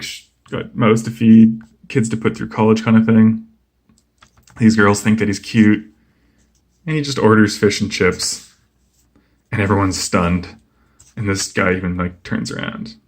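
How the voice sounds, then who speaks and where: Relaxed gravelly-voiced man rambling about comics. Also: on the low side. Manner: relaxed, rambling with many fillers. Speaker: comic book video host. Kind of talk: casual comic page-through commentary.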